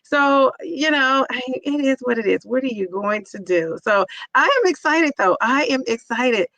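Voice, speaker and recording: A middle-aged woman chatting on a live stream, reading out comments and cheering on her viewers. Her voice is gravelly and bright, with a dry, close sound. She talks in a loose, rambling way. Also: on the high side, normal speed, no echo. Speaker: vlogger hosting a live chat. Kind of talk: casual live-stream chat.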